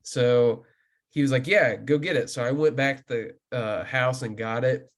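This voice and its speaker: A man hosting a podcast, telling a fishing story in a loose, animated way with plenty of filler words. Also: mid-range voice, normal speed. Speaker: podcast host. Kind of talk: casual podcast chat.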